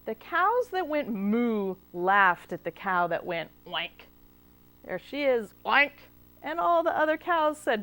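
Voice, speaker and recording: A woman librarian reading a picture book aloud to children, expressive, with gasps and questions to the young listeners. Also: on the high side, slow pace. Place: cable TV studio.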